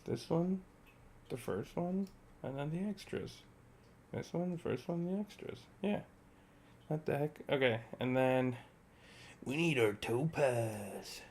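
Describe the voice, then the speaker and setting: A man's voice: fairly high pitch, animated, unhurried, vocal fry, long pauses, warm tone, slight background noise. A young man streaming a game and chatting casually, laid-back and heavy on filler words like "bro". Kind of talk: casual chat while gaming.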